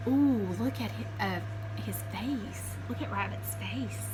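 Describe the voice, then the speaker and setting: A woman teacher reading a picture book aloud to children, animated and asking them questions as she goes. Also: fairly high pitch, takes it slowly, slight background noise, low-quality recording. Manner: animated, asks the listeners questions.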